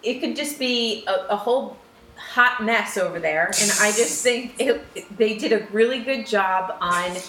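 A woman's voice: medium pitch, unhurried, a bit bright, echoey room, a little hiss or hum. A woman co-host in casual chat, hesitant with ums but enthusiastic. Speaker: podcast co-host.

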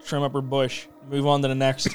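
A man's voice: mid-range voice, monotone, fairly quick, over music. A man joking bluntly and crudely in casual chat among friends.

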